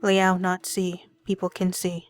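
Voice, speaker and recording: A woman voicing a terse male clouded leopard spirit from a visual novel, who talks in blunt, broken English at a slow pace. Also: on the low side, completely flat delivery, soft background music, natural voice.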